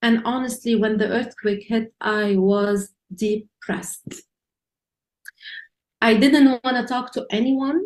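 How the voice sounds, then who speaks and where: A woman's voice: on the high side, fairly even intonation, slow, a little mellow, roomy sound. Earnest woman. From Lebanon. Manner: earnest, emotional storytelling with restarts and rising emphasis. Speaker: church leader. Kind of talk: personal testimony talk.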